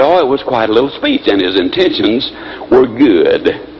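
A man giving a motivational speech, telling folksy stories in an animated way, on a muffled lo-fi recording. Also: mid-range voice, normal speed. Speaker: motivational speaker. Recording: muffled lo-fi with faint hiss.

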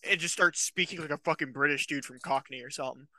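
A man's voice: a little high, fast, bright, forceful tone. A man co-hosting a podcast, throwing out crude teasing quips in casual banter.

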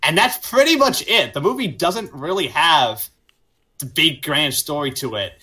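A man with a bright, fairly high voice co-hosts a casual podcast. He talks in an animated way, laughs often and swears freely. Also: measured pace. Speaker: podcast co-host.

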